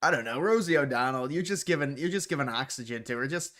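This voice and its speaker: A man's voice: medium pitch, animated, fast talker, fairly bright tone. A man from Ohio hosting a casual livestream, rambling bluntly through viewer questions with frequent restarts. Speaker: livestream host.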